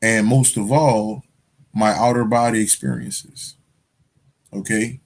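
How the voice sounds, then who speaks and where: A man's voice: fairly low pitch, fairly even intonation, takes it slowly. A man hosting a casual livestream, answering viewer questions in loose, profane street slang, repeating phrases as he goes. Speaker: spiritual livestream host.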